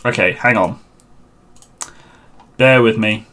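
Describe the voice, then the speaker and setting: A man chats through a live game stream on a headset mic, his voice bright and forceful. He mutters along to himself as he fiddles with the setup, half to the viewers and half to the screen. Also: lowish voice, takes it slowly, a little hiss or hum. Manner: chatty, muttering to himself while sorting out a server.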